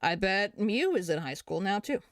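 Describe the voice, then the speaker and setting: Young adult, casual rambling commentary, swears a lot, dry close sound, mid pitch. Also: sing-song, moderate pace, no echo. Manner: rambling and profane, reading posts aloud and reacting. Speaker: creator responding to allegations.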